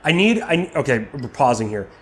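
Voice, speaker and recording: A young man hosting his barbecue channel, chatting casually while tasting brisket and sometimes talking with his mouth full. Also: mid-range voice, big pitch swings. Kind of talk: casual cooking vlog, tasting and reviewing.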